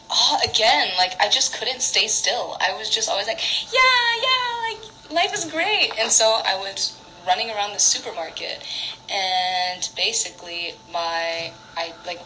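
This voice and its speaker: A woman's voice: lowish voice, sharp tone, slight background noise, rough recording. Giggly young woman chatting on a phone livestream. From Canada. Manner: giggly, rambling storyteller, lots of "like". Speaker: singer on an Instagram live. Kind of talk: casual livestream chat. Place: home.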